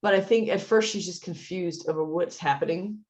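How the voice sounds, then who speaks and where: A woman's voice: fairly low pitch, moderate pace, a little mellow, highs cut off. A woman co-hosting a casual podcast chat, laughing often and acting out quoted lines. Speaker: podcast co-host.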